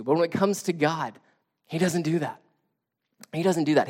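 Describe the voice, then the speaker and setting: A man in his thirties preaching a conversational sermon as a pastor, telling stories with casual, self-deprecating humor. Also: high voice.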